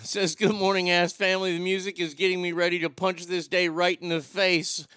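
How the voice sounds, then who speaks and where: A man with a high, bright voice hosts a loose, jokey live show. He reads out messages from viewers and answers each one with a wisecrack. The sound is clean, dry and close. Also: little pitch movement, fairly quick, clear, resonant tone, no echo. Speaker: show host reading chat messages. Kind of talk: casual live-show chat.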